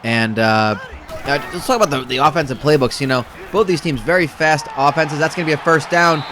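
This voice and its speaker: Streaming commentary on simulated football games, a man with a slightly high voice talks fairly quickly against a noisy background. He plays the play-by-play role with dry humor, wandering and fixing his own remarks as music plays behind him.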